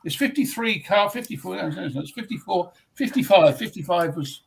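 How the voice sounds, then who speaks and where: English guest, husky, rambling storyteller, hesitant. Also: male voice, high-pitched, lively intonation, a little fast, low-quality recording. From England. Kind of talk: casual chat.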